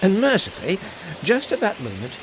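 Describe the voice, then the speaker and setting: An expressive narrator reads a children's storybook aloud, the pitch rising and falling a lot. A steady hiss sits beneath the recording. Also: brisk. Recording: hissy home recording.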